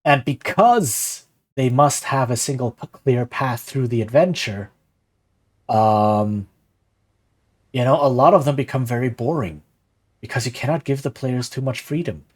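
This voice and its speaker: A man's voice: mid-range voice, unhurried. A man streaming live, talking casually and animatedly about running tabletop games, often asking "right?" and answering chat. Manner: animated, rhetorical, frequent "right?"; reads chat aloud and replies. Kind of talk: casual livestream talk on game design.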